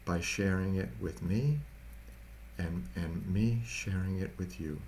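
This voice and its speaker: A man as Jesus, soft and consoling. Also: sits low, slow pace, a little hiss or hum. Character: gentle, calm Jesus speaking to mourners.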